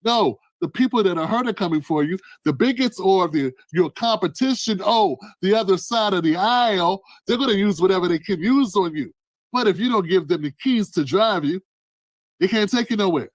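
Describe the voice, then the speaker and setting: A high-pitched man delivering fired-up political commentary. He preaches, punches his points and sometimes shouts. The sound is dry and close. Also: animated, moderate pace, no echo. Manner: emphatic, preachy, rising to shouts. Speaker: news commentary host.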